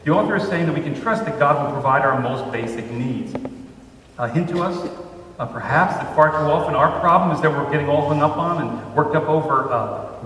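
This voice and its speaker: A man preaching a sermon as pastor, measured, slowing down to stress scripture lines. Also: on the high side, a bit bright, a little hiss or hum. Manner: measured, with slow emphatic pauses on scripture. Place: church sanctuary. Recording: roomy church hall from far off.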